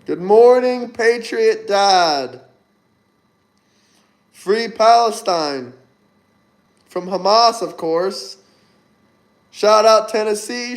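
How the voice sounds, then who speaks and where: A man's voice: high voice, takes it slowly, pauses often. Upbeat man hosting a livestream. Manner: upbeat, chatty, giving shout-outs. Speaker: livestream host. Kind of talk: casual live-stream chat reading comments.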